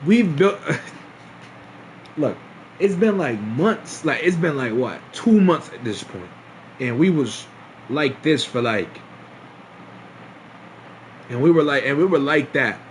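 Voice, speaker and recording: A man's voice: on the high side, lively intonation, slow, pauses often, slight background noise. Rambling, profane young man telling a story. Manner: rambling, profane, repeats himself, slangy. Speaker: streamer. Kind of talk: casual storytelling to a live stream.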